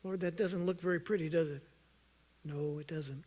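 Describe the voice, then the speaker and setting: High-voiced preaching man, emphatic. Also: steady tone, normal speed. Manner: earnest, swings from loud emphatic urging to soft low intensity; jokes with the congregation. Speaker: pastor. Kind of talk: sermon.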